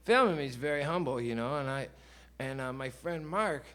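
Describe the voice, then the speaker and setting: A man's voice: mid-range voice, expressive, normal speed, a bit bright. A man, telling a long rambling story between songs at a live show, loose and chatty with swearing. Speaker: singer-songwriter on stage. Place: live concert venue.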